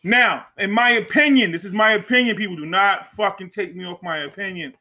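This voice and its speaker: High, bright-voiced ranting man. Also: lively intonation, normal speed. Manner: heated, emphatic ranting with profanity. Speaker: podcast co-host. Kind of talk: casual chat.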